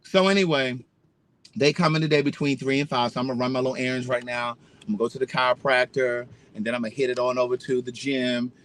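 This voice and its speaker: A man's voice: mid-range voice, little pitch movement, fast, fairly bright tone. A man vlogging a casual, emphatic, profane story straight to his viewers, voicing indignation at everyday hassles. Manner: addresses viewers directly.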